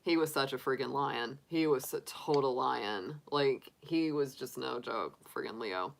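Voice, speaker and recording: A woman's voice: a bass voice, a little slow, vocal fry, a little hiss or hum. A middle-aged woman hosting a tarot livestream, chatting casually with viewers, laughing often and filling her talk with likes and restarts. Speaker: tarot reader livestream host. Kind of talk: casual chat to live viewers.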